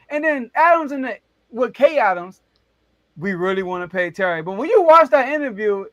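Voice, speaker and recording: Excitable man debating football. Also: fairly quick, no echo. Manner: animated, excitable storytelling with big pitch jumps. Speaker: sports debate show host. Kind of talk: casual sports debate chat.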